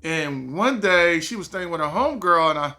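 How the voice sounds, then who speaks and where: A man casually telling a personal story to camera, animated and full of quoted back-and-forth dialogue. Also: fairly high pitch, moderate pace. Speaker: vlogger.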